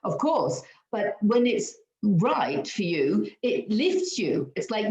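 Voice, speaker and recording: A woman's voice: medium pitch, very animated, slow, few pauses, a little mellow. A woman giving a weekly tarot card reading, earnest and upbeat, laughing often as she talks. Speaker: tarot reader. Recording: roomy, slightly dull sound.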